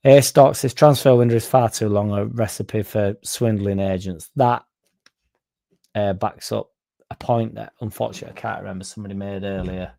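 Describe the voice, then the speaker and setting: A man's voice: on the low side, fairly even intonation, normal speed, gravelly, mellow. A man hosting a casual football fan livestream, reading chat comments and rambling with frequent swearing. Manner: swears freely, rambles, mocks critics in a raised put-on voice. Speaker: fan channel host reading live chat.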